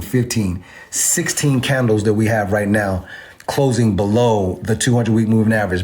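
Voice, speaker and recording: A man's voice: fairly low pitch, a little mellow. Emphatic man teaching crypto charts. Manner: emphatic, repeats numbers, asks the audience to agree. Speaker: crypto trading instructor. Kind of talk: informal chart walkthrough lesson.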